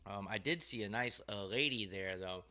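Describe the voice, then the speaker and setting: A man's voice: lowish voice, normal speed, sharp tone. A man hosting his own show, telling rambling, profane, wry stories in a loose monologue. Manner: profane, wry, ranting storyteller. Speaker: show host.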